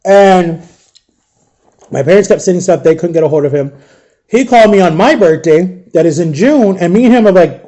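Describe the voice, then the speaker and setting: A man's voice: high-pitched, expressive, normal speed, warm tone. A man vlogger telling an emotional storytime monologue to his viewers, tearful, raw and confiding. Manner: addresses viewers directly.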